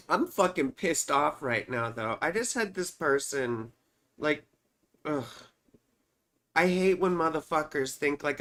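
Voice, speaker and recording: A woman's voice: sits low, a bit bright. A woman hosting a casual livestream from home, chatty and rambling, often tagging her explanations with little check-ins to the listener. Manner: rambling, chatty, peppers explanations with "you see" and "right". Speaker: astrologer host.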